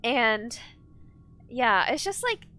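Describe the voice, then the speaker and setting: Young female streamer, high-pitched and bright, chatty and ranty. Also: very animated, slow pace, smooth. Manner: rambling, ranting, reads chat aloud. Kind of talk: casual live-stream chat while gaming.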